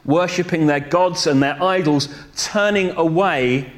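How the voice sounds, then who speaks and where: A man preaching a sermon in a slow, deliberate way, pausing to correct himself and adding a light joke now and then. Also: a little high.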